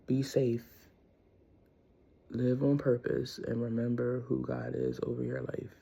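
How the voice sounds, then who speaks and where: Middle-aged woman, casual faith vlog, candid and rambling, raspy fry, dull lo-fi sound. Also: rumbling low, level tone, measured pace, warm tone. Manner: candid and rambling, with frequent laughs. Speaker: vlogger.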